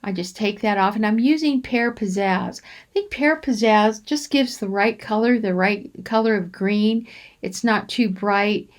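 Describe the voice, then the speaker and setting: A woman hosting a crafting channel, talking through a coloring demonstration in an unhurried, rambling way with frequent ums and restarts. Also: medium pitch. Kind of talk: relaxed coloring demonstration voice-over.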